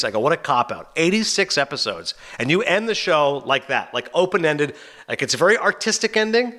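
A man hosting a podcast, telling stories quickly and acting out quotes in casual chat. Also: medium pitch. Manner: fast, animated storytelling with acted-out quotes. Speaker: podcast host.

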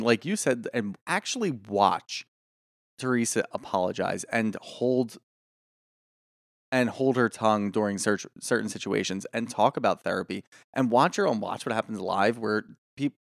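A man co-hosting a casual podcast chat, opinionated and animated, swearing freely. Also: mid-range voice, moderate pace, gravelly, no room sound, clean studio sound. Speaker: podcast co-host.

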